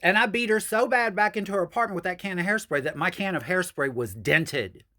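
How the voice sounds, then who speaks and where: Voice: medium pitch, fairly quick, pushed and bright. A host telling a personal story in a casual vlog, chatty and addressing viewers as "y'all.".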